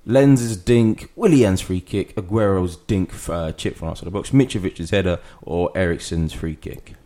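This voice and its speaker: A man's voice: deep voice, normal speed. A man, hosting a casual football podcast and reading out the fixtures. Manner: lively, runs the segments, reads out fixtures. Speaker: podcast host.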